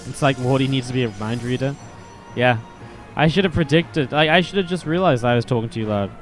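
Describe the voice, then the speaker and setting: Over soft background music, a man with a medium-pitched voice speaks briskly. The StarCraft caster and streamer chats casually at a desk microphone during game commentary, rambling, swearing freely, and dropping in many filler words.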